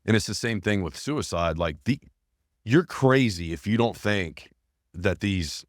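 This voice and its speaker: Male podcast host, deep voice, dry close sound, emphatic and sincere. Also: animated, unhurried, no echo. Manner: earnest and emphatic, repeats phrases. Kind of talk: casual podcast conversation.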